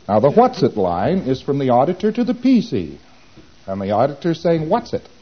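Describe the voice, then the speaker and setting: A man lectures in an animated way, acting out little exchanges and dropping into quick mumbled asides. His voice sits in a middle pitch. The recording is dull and lo-fi, like an old tape.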